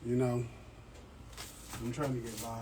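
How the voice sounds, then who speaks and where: A man's voice: mid-range voice, little pitch movement, unhurried, heavy background noise. A man, hosting a casual plant livestream, chatty and joking, often checking in with his viewers. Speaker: plant channel host. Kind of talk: casual livestream chat answering viewer questions. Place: home indoors with plants.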